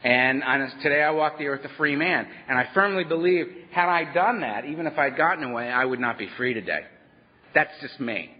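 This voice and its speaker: A man sharing his own story at a workshop, animated and wry, often laughing as he talks. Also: mid-range voice, a little fast. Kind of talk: personal storytelling talk to a live audience. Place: meeting hall at a workshop. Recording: dull lo-fi with long hall echo.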